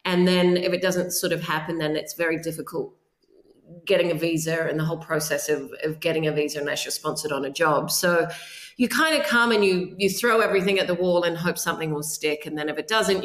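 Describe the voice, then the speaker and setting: Low-voiced New Zealand woman, roomy sound. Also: fairly bright tone. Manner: earnest, advice-giving, frequent restarts. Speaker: actor, interview guest. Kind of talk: casual interview chat. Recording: roomy echo.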